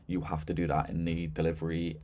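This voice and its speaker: A man with a notably deep, low-pitched voice talks through a software demo in an easy, conversational way. He fills gaps with "um" and "so yeah" and never sounds scripted. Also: fairly quick. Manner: relaxed and chatty, with frequent fillers and "so yeah". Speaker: software demonstrator. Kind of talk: casual screen-share product walkthrough.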